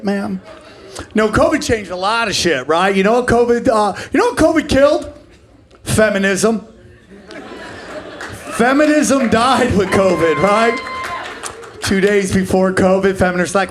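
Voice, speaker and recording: A man in his forties works a live stand-up set with a brash, profane delivery, jumping into quick character bits. His voice sits high for a man. A handheld stage mic catches him over a faint hum of room noise. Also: crowd noise. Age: 40s. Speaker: stand-up comedian. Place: live comedy club stage.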